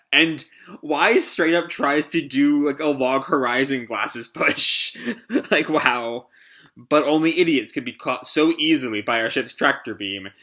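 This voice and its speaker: Young man reacting live, casual and amused, bright tone. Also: mid-range voice. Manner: casual, amused, laughs often. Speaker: reaction host. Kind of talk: live manga reaction commentary.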